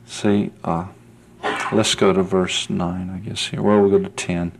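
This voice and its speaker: A man's voice: low voice, level tone, a little slow, gravelly, slight background noise. A male preacher delivering a sermon with earnest conviction. He talks in a folksy, conversational way and often checks in with his listeners. His voice climbs to emphatic peaks when he presses a point. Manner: folksy, asks "see?" often.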